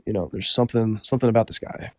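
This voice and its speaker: A man casually telling a story, rambling with lots of filler words and a deadpan delivery. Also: on the low side, racing, dry recording, studio quality.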